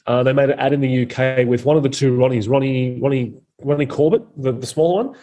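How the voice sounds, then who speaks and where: A man talks bluntly in a relaxed, mellow voice, with plenty of swearing. His pitch sits in an ordinary middle range. He is a comedian guest holding forth in a casual podcast chat. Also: fast talker. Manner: blunt and opinionated, swears freely.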